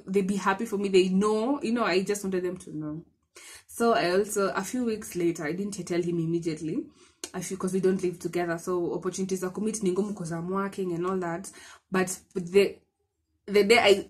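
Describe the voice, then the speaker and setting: A woman's voice: medium pitch, breathy edge. Chatty young Kenyan woman vlogger. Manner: chatty and excitable, mixing in Swahili, many restarts. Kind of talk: casual storytelling to camera.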